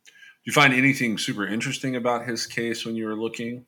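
A man's voice: medium pitch, steady tone, quick pace, sharp tone. A man hosting a true-crime podcast, reading case details aloud and adding his own casual asides. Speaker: podcast host.

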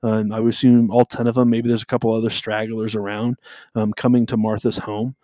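A man's voice: fairly low pitch, level tone, a little fast, mellow, no echo. A man co-hosting a podcast, talking casually about faith in a rambling way, with lots of fillers and self-interruptions. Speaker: podcast co-host.

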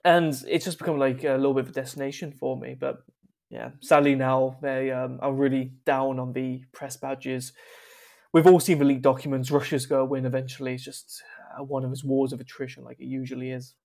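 Give me a young man rambling through casual anecdotes, wry and offhand, at an ordinary pitch. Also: little pitch movement, a little fast, vocal fry, a little mellow. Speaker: podcast guest.

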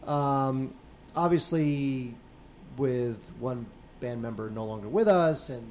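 A man's voice: medium pitch, slow pace, a little mellow, slight background noise. A man co-hosting a podcast, chatting casually about home video releases, with frequent fillers and trailing sentences. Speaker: podcast co-host.

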